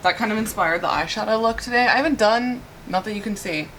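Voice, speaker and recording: A young woman in casual, excitable chat to camera while mixing a drink in her apartment kitchen. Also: medium pitch, fast talker, slight background noise. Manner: chatty and excitable, rambling asides. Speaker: vlogger. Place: cold home apartment kitchen.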